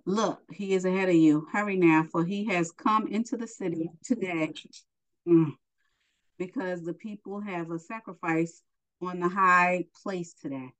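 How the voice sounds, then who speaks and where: A woman's voice: on the low side, steady tone, a little slow, poor audio. Woman reading scripture with casual asides. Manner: reads aloud, breaks off to explain in casual asides. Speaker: Bible study teacher. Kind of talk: reading scripture aloud with commentary.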